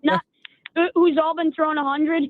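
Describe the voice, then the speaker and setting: A man calling into a sports radio show, talking in halting, stop-start sentences over a phone line. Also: very high voice, level tone, dry recording. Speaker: caller.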